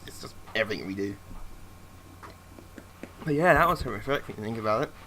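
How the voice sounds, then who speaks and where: A man's voice: lowish voice, animated, brisk, sharp tone, slight background noise. A man co-hosting a casual chat, blunt and jokey, swearing casually. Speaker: podcast co-host.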